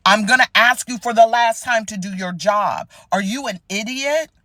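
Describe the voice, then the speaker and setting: A woman's voice: fairly low pitch, lively intonation, a little slow, dry recording, clean studio sound. A woman voicing an impatient, cursing man who demands an appointment and talks down to her. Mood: furious. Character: rude, impatient adult male caller.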